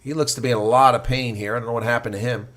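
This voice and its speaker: Bright-voiced excitable rugby play-by-play man. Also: mid-range voice, very fast. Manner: excitable, rising sharply during big plays; blunt and opinionated. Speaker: play-by-play commentator. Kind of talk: live reaction play-by-play commentary.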